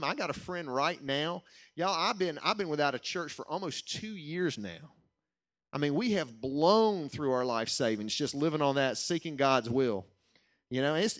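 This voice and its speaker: A middle-aged man preaching a sermon, telling a personal story in an earnest way and slowing down to stress key lines. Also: fairly high pitch.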